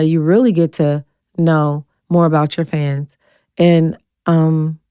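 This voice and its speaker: A woman in her forties, a guest telling her story bluntly and acting out the quoted voices with big jumps in pitch. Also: darkish tone, clean tone, no echo. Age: 40s. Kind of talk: candid storytelling interview.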